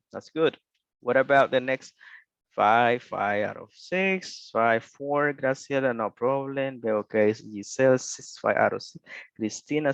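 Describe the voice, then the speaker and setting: A man's voice: mid-range voice, a bit bright, dry recording. A male English teacher running an online class, switching between Spanish and English and encouragingly reading out students' answers. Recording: dull, muffled online-class audio.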